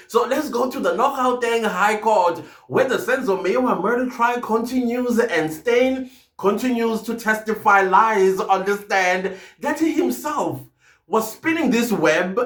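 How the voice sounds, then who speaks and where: A man's voice: sits high, fairly bright tone. A man giving casual commentary as a vlogger, constantly breaking into giggles. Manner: giggly, keeps breaking into laughter. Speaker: vlogger commenting on a court trial. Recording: roomy room echo.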